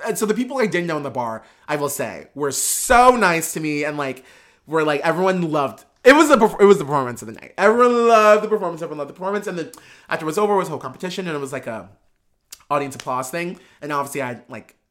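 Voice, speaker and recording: Animated drag performer telling a story. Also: mid-range voice, fast. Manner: animated, lots of filler words and restarts, swears; laughs while talking. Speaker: podcast guest. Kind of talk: casual storytelling.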